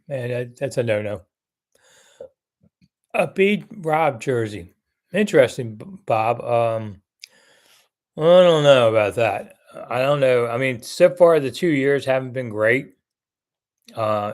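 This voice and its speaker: A man's voice: medium pitch, a little mellow. An older man hosting a casual live sports chat, blunt and chatty as he reads viewer comments and answers them.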